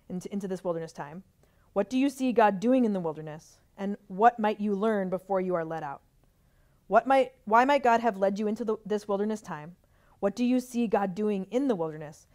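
A woman giving a sermon in a gentle, reflective way, often trailing off softly at the ends of phrases and telling a personal story. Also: mid-range voice. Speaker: pastor.

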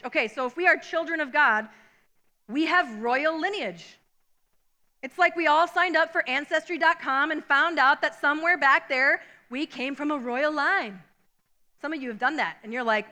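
A woman preaching a sermon, telling a family story and acting out its characters with loud, high shouts. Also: moderate pace.

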